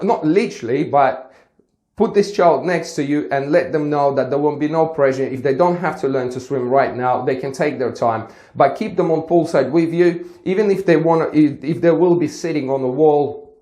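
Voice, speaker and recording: Swim coach guy telling a story, acts out the chats, bit high voice, roomy echo. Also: darkish tone. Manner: storytelling, re-enacts conversations. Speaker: swimming teacher. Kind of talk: casual advice talk with a personal story.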